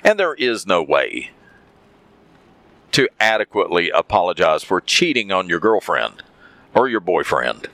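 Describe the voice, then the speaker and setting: A man's voice: sits low, big pitch swings, unhurried, long pauses, bright, forceful tone, no echo. A man telling a story in a casual monologue, repeating phrases for emphasis.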